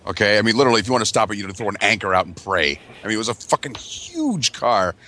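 A man's voice: on the low side, very animated, rapid-fire, bright, forceful tone, slight background noise. A man from the US Midwest telling a crude, exaggerated story for laughs among friends. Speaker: podcast regular.

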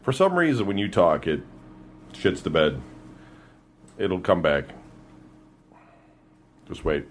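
A man in casual podcast chat, wry and quick to laugh. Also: deep voice, big pitch swings, slight background noise.

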